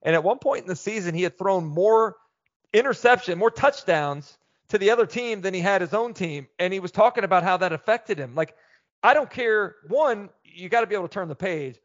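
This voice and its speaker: A man's voice: high voice, brisk, dry recording. Candid middle-aged man on a dry recording. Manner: candid, animated storyteller. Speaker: former football player and guest analyst. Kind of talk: casual interview chat. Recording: dull, dry lo-fi sound.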